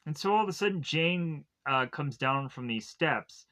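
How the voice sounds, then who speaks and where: Rambling man with a bright voice. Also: on the high side, animated, moderate pace. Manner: rambling, filler-heavy with constant "like" and "uh". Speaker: film reviewer. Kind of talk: casual spoken plot recap.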